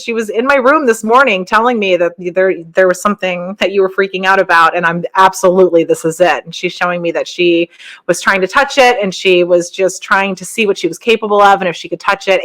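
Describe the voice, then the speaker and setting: Chatty woman podcaster, laughs often. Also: a bit bright. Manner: jumps up in pitch when quoting others. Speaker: podcast host. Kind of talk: casual spiritual monologue.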